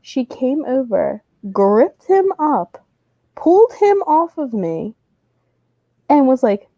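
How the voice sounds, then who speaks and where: A young woman co-hosting a podcast, chatting casually and acting out her kids in animated stories. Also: high-pitched, slow, no room sound, highs cut off. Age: young adult. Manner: animated storytelling, acts out kids' voices. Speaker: podcast co-host. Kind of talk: casual chat.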